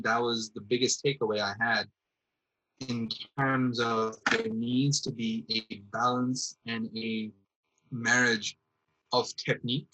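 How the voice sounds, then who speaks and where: A man's voice: medium pitch, pushed and bright, slightly rough, poor audio. A man, a theatre artist, talking reflectively as a guest, rambling thoughtfully with lots of fillers. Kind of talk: reflective casual conversation.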